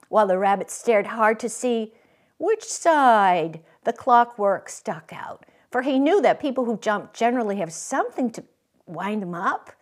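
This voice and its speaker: A woman reading a children's story aloud at a public library, with an expressive, lingering storyteller's delivery. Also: a little high, breathy edge. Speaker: guest reader.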